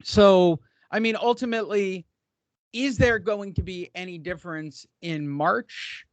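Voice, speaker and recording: A man's voice: sits high, a little slow, dry recording. A man hosting a casual boxing podcast, sarcastic and profane, stretching words for emphasis.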